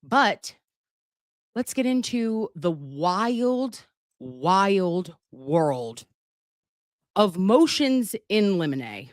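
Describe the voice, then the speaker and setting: A woman's voice: medium pitch, very animated, very slow, dry recording, clean studio sound. A middle-aged woman hosting a casual livestream, sassy and profane as she banters with her viewers. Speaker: livestream host, legal nurse consultant. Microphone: desk microphone.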